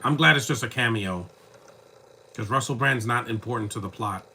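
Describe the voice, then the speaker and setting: A man's voice: mid-range voice, moderate pace, bright, forceful tone, a little hiss or hum. A man giving casual live commentary over a film, with rambling, joking asides. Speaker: movie commentator.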